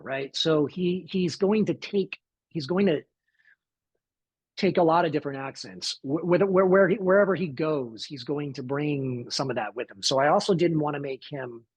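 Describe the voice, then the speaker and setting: A man with a Southern US accent, slightly higher than usual for a man, with a husky, breathy edge. He answers interview questions thoughtfully, stumbling and restarting as he works out his points. The sound is dry and close, with no room around it. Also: no room sound. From Southern United States. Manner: thoughtful, halting, with many restarts and repeated words. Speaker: actor interviewed about his film.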